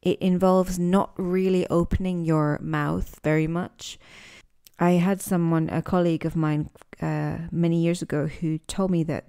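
A woman with a low, warm voice hosts a relaxed podcast lesson on English. She is a native speaker and teacher who talks in a thoughtful way, often pausing and restarting her sentences. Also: clean tone. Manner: thoughtful, with frequent restarts and fillers.

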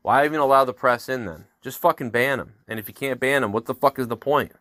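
A man in his thirties rants on his own podcast, cursing nonstop and climbing into shouted outbursts. His voice sits at a middle pitch. It is recorded close and dry, with no room sound around it. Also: fast, dry recording. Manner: angry, swearing nonstop, rising to loud outbursts. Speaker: podcast host. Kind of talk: profane solo rant.

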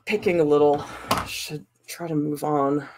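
A woman art teacher chatting casually while sculpting, animated and laughing often. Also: deep voice, unhurried, background noise.

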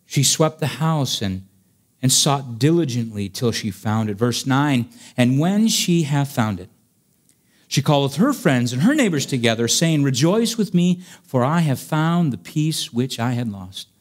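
A man preaching a sermon as a pastor, earnest, swinging between emphatic raised passages and quiet storytelling. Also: medium pitch, animated, measured pace. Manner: earnest preaching, rising to emphatic peaks, dropping soft for stories.

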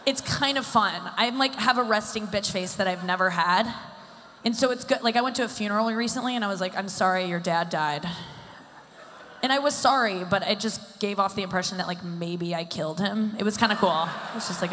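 Bright-voiced woman doing stand-up in a hall. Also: medium pitch, a little fast, slight background noise. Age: 30s. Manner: rambling and self-deprecating, full of filler "like"s. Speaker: stand-up comedian. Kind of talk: live stand-up set. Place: stage at a live summit event. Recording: echoey hall with long reverb.

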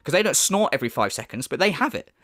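Heated, profane man ranting, lively high voice. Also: fast, dry recording, clean studio sound. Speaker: YouTube commentator. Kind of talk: angry reaction commentary.

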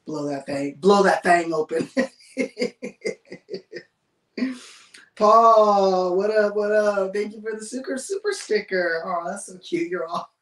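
A woman's voice: fairly low pitch, fairly bright tone. Chatty woman host, roomy and distant. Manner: chatty, laughs often while reading viewer comments. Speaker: livestream host. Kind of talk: casual livestream chat.

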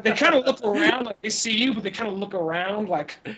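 A man with a notably high voice co-hosts a casual podcast. He tells stories in an animated way and swears freely as he talks. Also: fairly quick, muffled recording. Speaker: podcast co-host. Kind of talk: casual chat.

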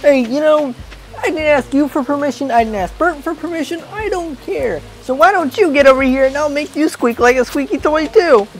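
A man voicing a creepy, taunting male puppet character in a high, leering voice over a live game stream. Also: fairly quick, rough recording. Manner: high-pitched, leering, crude.

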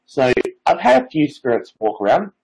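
Husky young guy rambling about his psychic stuff in a chat, lots of filler. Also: on the high side, very animated, moderate pace, darkish tone, poor audio. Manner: rambling, peppered with filler phrases. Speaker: psychic medium and Reiki master guest. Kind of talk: casual storytelling interview.

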